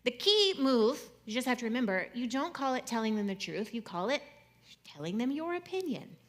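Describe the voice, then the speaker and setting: A young adult woman speaking to an audience in a conversational, jokey way, swinging between loud and soft. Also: fairly high pitch, sing-song, a little fast. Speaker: speaker giving a talk.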